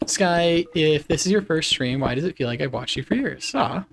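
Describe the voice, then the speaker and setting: A man's voice: a little high, animated, moderate pace, gravelly, slight background noise. A man chatting casually with his viewers on a live game stream, laughing often.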